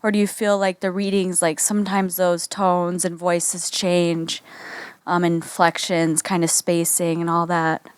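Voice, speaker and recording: A woman in the audience, herself a poet, asks a question in an eager, rambling way, padding it with fillers. Her voice is smooth and clear, and it sounds dry and close to the mic. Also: fairly low pitch, little pitch movement, unhurried, dry recording. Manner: eager, with many fillers and "kind of"s. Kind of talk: question from the floor.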